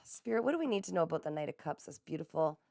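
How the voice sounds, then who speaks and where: A woman's voice: deep voice, big pitch swings, rapid-fire, creaky, dark tone, no room sound, clean studio sound. A woman giving a live tarot reading, effusive and encouraging, speaking straight to her viewers. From Canada. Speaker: psychic reader.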